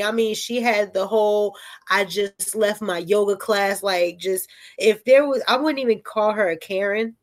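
A woman telling a story in casual chat, animated and profane, often checking in with "right?". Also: medium pitch.

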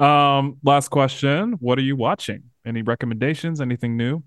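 A man hosts a relaxed conversation, upbeat and slangy as he moves things along. His voice is smooth and resonant, and the sound is close and dry. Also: medium pitch, normal speed, no room sound. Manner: laid-back, upbeat, slangy. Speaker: podcast host. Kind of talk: casual chat.

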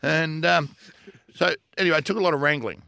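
A man's voice: a little high, brisk, creaky, bright, forceful tone, smooth, no echo, clean studio sound. A man with an Australian accent, co-hosting a podcast and telling a story in casual chat, laughing often and doing quoted voices. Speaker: podcast co-host.

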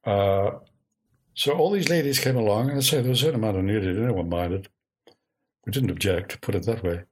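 An older man spins wry, knowing anecdotes from his younger years. His voice is fairly low and husky, with a slightly rough grain. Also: a little fast. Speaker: interviewee. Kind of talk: oral history recollection.

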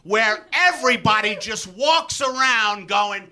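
A man from Brooklyn, ranting and often shouting profanely as a comedy guest on a live podcast stage. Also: sits high, expressive, unhurried, hardly any pauses, a crowd in the background, background noise. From Brooklyn, New York. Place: comedy theatre stage before an audience. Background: audience laughter.

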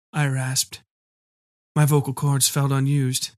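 A man narrating a first-person story in a measured, dark storytelling manner. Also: medium pitch, monotone, no room sound, clean studio sound. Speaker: audiobook reader.

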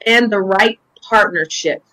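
A woman's voice: mid-range voice, a little slow, pushed and bright, rough recording. A woman hosting a casual interview, encouraging and emphatic, repeating her key lines. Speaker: host.

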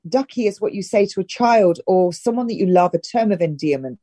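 A middle-aged woman from northern England talks as an interview guest, handing out brisk, direct instructions. Her voice is warm and mellow. It is recorded close and dry. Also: mid-range voice, animated, no room sound. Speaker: health and wellness guest. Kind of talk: casual advice-giving interview talk.

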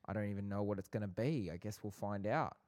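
A man's voice: fairly low pitch, quick pace, darkish tone. A man co-hosting a casual chat podcast, talking in a playful, bantering way. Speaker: podcast co-host.

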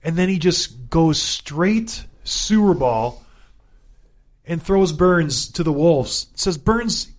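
An exasperated Canadian in his thirties who once played hockey co-hosts a casual sports chat, ranting with animation and repeating points for emphasis. His voice is a little high and his delivery slow.

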